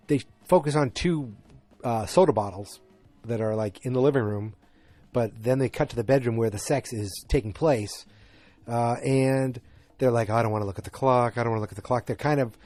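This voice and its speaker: A man's voice: mid-range voice, darkish tone, no room sound. A man from north of Boston with a slight Boston accent, recapping a TV episode in a casual, rambling way with jokey asides. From north of Boston, Massachusetts. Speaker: podcast host.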